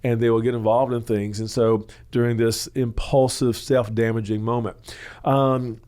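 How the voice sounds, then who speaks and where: A man running a church counseling Q&A show delivers long, rambling teaching talk, often pausing on "uh" or "you know" and sometimes impersonating the people he describes. His voice sits in the middle of the male range with little pitch movement. The tone is darkish, clear and resonant.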